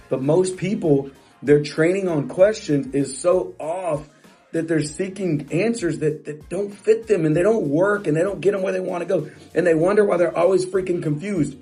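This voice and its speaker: A man's voice: a little high, mellow, breathy edge. A middle-aged man coaching real estate agents in a motivational talk, emphatic and repetitive, often restarting phrases.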